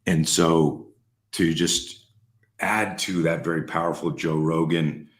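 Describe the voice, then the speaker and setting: A man's voice: very deep voice, steady tone, slow pace. A middle-aged man hosting a casual interview, rambling with restarts and swearing freely. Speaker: host.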